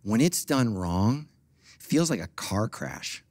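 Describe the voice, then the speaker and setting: A middle-aged man preaching a sermon as pastor, jumping between quiet asides and loud animated peaks, with humorous asides to the congregation. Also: lowish voice, takes it slowly. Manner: animated preaching with big swings from soft to loud.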